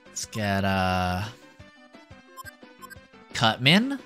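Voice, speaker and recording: A young man giving excitable live commentary as a streamer, yelping and groaning at the game. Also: low-pitched, drawn-out words, faint music behind. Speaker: VTuber streamer.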